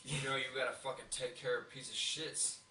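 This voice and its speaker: A man's voice: mid-range voice, steady tone, fast, a crowd in the background. A young man talking bluntly and profanely in casual podcast chat. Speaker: podcast co-host. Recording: echoey room, mic at a distance, faint hiss.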